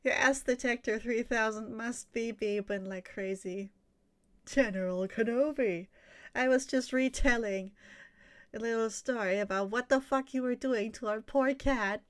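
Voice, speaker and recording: A woman's voice: a little high, steady tone, normal speed, smooth. A young woman chatting casually on a livestream while she draws. She rambles, laughs often and swears freely. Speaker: streamer.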